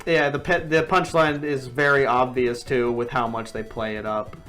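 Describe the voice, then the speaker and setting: A man's voice: mid-range voice, steady tone, normal speed, fairly bright tone, soft background music. A man co-hosting a podcast, chatting casually with crude, joking banter. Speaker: podcast co-host. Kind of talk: casual chat.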